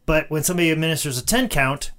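A man's voice: on the high side, lively intonation, rapid-fire, a bit bright. A man co-hosting a podcast in casual chat, joking and rambling, laughing often. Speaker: podcast co-host.

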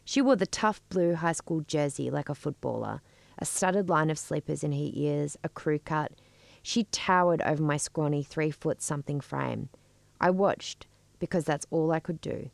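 A middle-aged woman telling a personal story in a measured, wry way. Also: low-pitched, vocal fry, dry recording. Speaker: storyteller and podcast co-host.

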